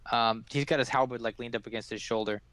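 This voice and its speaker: A man narrating a tabletop game as game master, with halting, filler-heavy delivery. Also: mid-range voice, steady tone, fairly bright tone, dry recording.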